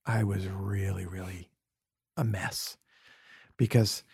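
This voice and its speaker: A man's voice: sits low, fairly even intonation, slow pace, creaky, darkish tone, husky, no echo, clean studio sound. A middle-aged man from New York City as a podcast guest, telling earnest, confessional stories in a reflective conversation and sometimes dropping to a near-whisper.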